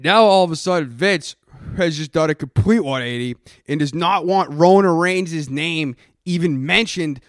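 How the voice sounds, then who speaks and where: Comedic male podcast host in character, profane aggressive rant, a little high-pitched, dead-dry sound. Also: normal speed, no echo.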